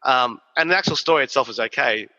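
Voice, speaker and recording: Bright, tense man chatting. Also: medium pitch, quick pace. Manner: animated, profane storytelling. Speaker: podcast co-host. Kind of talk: casual podcast chat. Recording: dull, reverberant recording.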